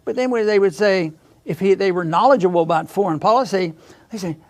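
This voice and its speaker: A man hosting a casual political discussion, halting and repeating words as he chuckles through his points. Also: sits high, a little mellow. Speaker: podcast host.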